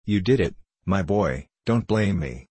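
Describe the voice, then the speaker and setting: A surly talking phonograph grumbles in a brazen, scratchy voice, as a man puts it on. The sound is deep and close, in a dry storybook reading. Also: lively intonation, a little slow, darkish tone, husky, dry recording, heavily acted. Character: surly living phonograph, male.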